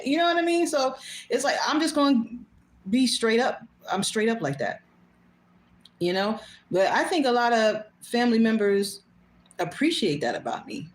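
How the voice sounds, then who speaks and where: A woman's voice: fairly low pitch, normal speed. A woman hosting her own show, talking bluntly and casually, swearing freely and laughing often. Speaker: host. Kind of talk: casual monologue. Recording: echoey room.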